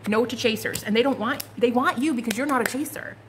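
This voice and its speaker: A woman's voice: on the high side, fast, noisy background. A woman giving a casual, gushing tarot reading, full of slang and asides. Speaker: tarot card reader.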